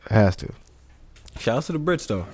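A man's voice: mid-range voice, very animated, a little fast, darkish tone, no echo. A young American man chatting casually as he reacts to a video. He talks loosely, laughs often and swears freely.

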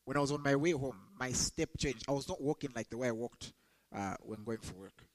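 A young adult man preaching a sermon to students, rising sharply in pitch when he quotes scripture. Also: fairly quick, rough recording. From Zambia. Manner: emphatic, rises sharply when quoting scripture.

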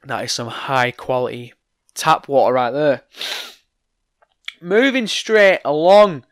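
A young man hosting a solo wrestling news vlog, ranting with heavy swearing while his voice goes hoarse. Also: mid-range voice, slow pace. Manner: profane, ranting, fired-up opinions. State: voice going hoarse.

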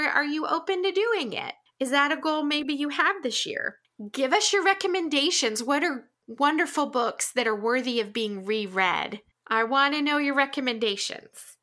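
A woman's voice: high-pitched, pushed and bright. A woman co-hosting a book podcast who speaks directly to listeners in an upbeat, casual way. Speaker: podcast co-host. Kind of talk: casual chat.

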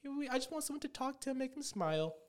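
A fretful, soft-spoken mother, put on by a man in casual banter, pleading in a thin, high falsetto. Her voice sits far above a man's natural pitch, quiet and quavering. Talk is drawn out and gentle. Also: sing-song, rapid-fire. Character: worried middle-aged mother, soft and pleading.

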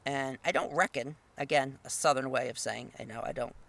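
Bright-voiced man lecturing on a story. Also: brisk, vocal fry. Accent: Northern US. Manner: conversational, tag questions, reads quotes aloud with lifted pitch. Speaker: literature teacher. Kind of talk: lecture reading and analyzing a short story.

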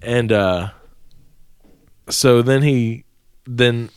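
A man with a smooth, resonant voice telling a rambling, profane story in casual podcast chat. His pitch sits in an ordinary middle range. The sound is dry and close, recorded in a small room. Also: drawn-out words, no echo. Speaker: podcast co-host.

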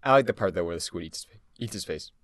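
A man with a low voice talking quickly and with lively swings of pitch as he co-hosts a podcast in casual chat. He teases and jokes a lot. The recording is close and dry. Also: no room sound. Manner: joking, teasing banter. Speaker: podcast co-host.

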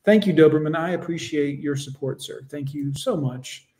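A man's voice: fairly high pitch, moderate pace, warm tone. A male host doing livestream reaction commentary, mocking and sarcastic, with crude asides to his viewers.

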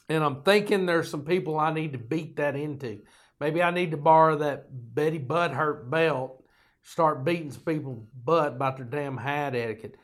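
Older man, folksy podcast host, slightly raised pitch, profane joking storyteller. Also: fairly bright tone. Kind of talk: rambling storytelling monologue.

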